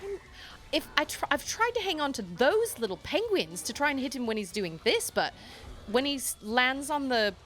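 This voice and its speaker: A young woman streaming a video game, thinking out loud and often restarting her sentences with self-deprecating remarks. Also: sits high, big pitch swings, normal speed, soft background music. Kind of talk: live game stream chat.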